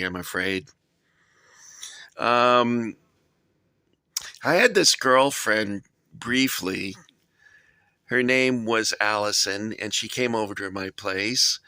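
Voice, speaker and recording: A man's voice: lowish voice, pushed and bright, dry recording, studio quality. A middle-aged man hosting a casual vlog, rambling and self-deprecating as he shows off his toy soldier collection. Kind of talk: casual show-and-tell vlog.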